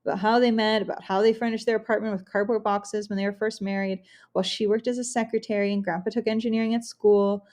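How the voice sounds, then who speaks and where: Expressive woman reading a novel aloud. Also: medium pitch, quick pace, hardly any pauses. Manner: expressive, occasional restarts. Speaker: audiobook reader. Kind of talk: first-person novel narration.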